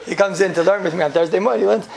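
Fast-talking gravelly man teaching. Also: high-pitched, over a noisy crowd. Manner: joking, chuckles often, rhetorical questions. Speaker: yeshiva teacher giving a class. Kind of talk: informal lecture with jokes.

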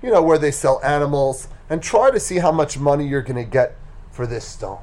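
A man voicing a calm, wise older male rabbi who instructs his son in a told story. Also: on the high side, fairly quick, lightly acted. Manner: calm, instructive, then emphatic.

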